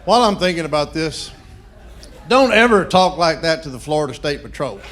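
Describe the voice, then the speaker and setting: A man's voice: fairly high pitch, a little fast, fairly bright tone, some chatter behind, a little hiss or hum. A middle-aged man doing stand-up comedy, chatting playfully and quizzing the audience. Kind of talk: stand-up comedy with crowd work.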